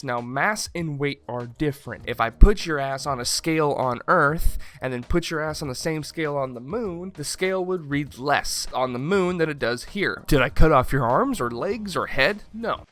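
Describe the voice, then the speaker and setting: A man with a slight Southern twang explains physics in a bright, forceful, slightly high voice. He is irreverent and swears freely, keeping it casual and comic. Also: lively intonation, normal speed, few pauses. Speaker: science video host. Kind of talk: casual comedic science explainer.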